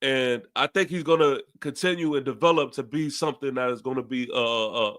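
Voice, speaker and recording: Here a young New Yorker on his fan podcast vents about a defeat, emphatic and circling back to the same lines. The voice is medium-pitched, a little fast, and slightly bright.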